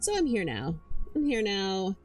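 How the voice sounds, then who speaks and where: Over soft background music, a woman with a mid-range, slightly mellow voice chats casually on a stream at a moderate pace, her pitch swooping wildly. She rambles, swears a lot, and stammers and repeats herself, sounding hyper yet tired.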